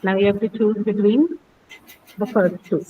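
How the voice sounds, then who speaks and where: A woman's voice: mid-range voice, moderate pace, phone-quality sound, a little hiss or hum. A woman teaching an English class, patiently repeating words and quizzing students on word stress. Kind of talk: classroom lesson.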